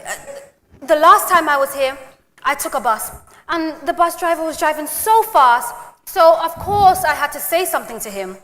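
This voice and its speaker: A woman's voice: high-pitched, expressive, normal speed, a bit bright, in a large hall. A woman with a British accent playing a complaining, easily alarmed woman back home from England in a comedy skit. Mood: fussy.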